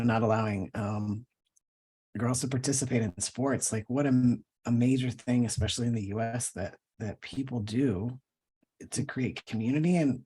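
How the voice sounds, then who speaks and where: A man speaking as an interview guest in a casual conversation, thoughtful and pausing to search for words. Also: mid-range voice, warm tone, slightly rough. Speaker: guest, professor and cartoonist.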